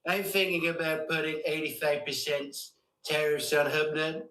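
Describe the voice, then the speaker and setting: Man putting on a bragging president voice, flat pitch, fairly high, echoey room. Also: moderate pace, a crowd in the background, lightly acted. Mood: boastful. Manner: boastful, repeats "believe me". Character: male impression of a brash blustering US president. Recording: roomy echoey recording.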